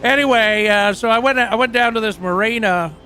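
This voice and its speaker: A man playing a crude, boastful rock singer who rambles through profane, deadpan tall tales in a game roleplay. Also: high voice, a little fast, faint music behind. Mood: rambling, crude. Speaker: roleplay character.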